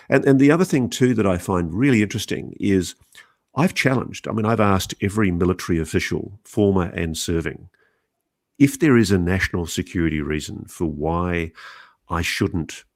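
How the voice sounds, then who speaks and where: A middle-aged Australian man, an author answering interview questions in an earnest, measured way that sometimes halts and restarts. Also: low-pitched, expressive. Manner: earnest, measured, slightly halting. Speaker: guest author.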